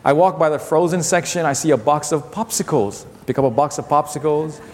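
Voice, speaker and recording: A male pastor in his fifties delivers a lively sermon, repeating his key phrases and slipping into his family's voices. His voice sits high for a man. A long hall reverb trails each phrase. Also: fairly quick. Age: 50s.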